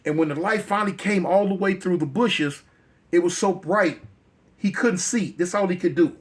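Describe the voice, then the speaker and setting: A man's voice: high voice, normal speed, husky. A male storyteller telling a dramatic tale in a conversational, repetitive way.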